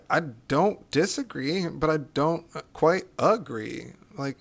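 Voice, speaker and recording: A man's voice: mid-range voice, vocal fry. A man hosting a podcast, rambling bluntly and swearing freely, with lots of ums. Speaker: podcast host. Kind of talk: casual monologue.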